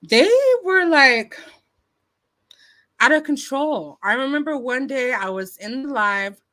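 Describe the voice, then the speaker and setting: A woman's voice: high voice, lively intonation, slow, sharp tone. A woman vlogger telling a story casually into her phone, chatty, with lots of fillers and restarts. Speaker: YouTube commentary vlogger.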